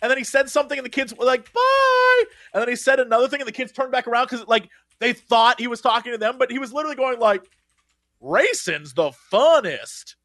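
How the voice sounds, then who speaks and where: A man co-hosting a podcast in casual chat, an animated storyteller who laughs often. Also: very high-pitched, rapid-fire, few pauses, dry recording. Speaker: podcast co-host.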